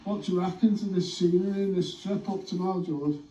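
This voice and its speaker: A man with a high voice trades swearing jokes and laughs with a friend while vlogging outdoors on a hill. He sits some distance from the camera, and the sound carries with a roomy echo. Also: fairly even intonation, a little fast, warm tone, slight background noise. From United Kingdom. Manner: joking, swearing, laughs often. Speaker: metal detecting vlogger. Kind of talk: casual banter to camera.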